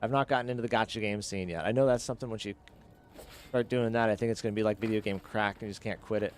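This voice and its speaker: A man streaming a game live, chatting with viewers and reacting excitedly as he plays. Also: fairly low pitch, fast talker, a little hiss or hum. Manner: chatty, reads chat, excitable. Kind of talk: live gameplay commentary.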